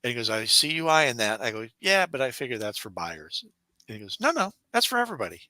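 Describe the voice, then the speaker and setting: A man's voice: mid-range voice, expressive, fairly quick, pushed and bright, no echo, poor audio. A man co-hosting a podcast, telling workplace stories in casual chat, acting out the people he quotes and laughing often. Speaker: podcast co-host.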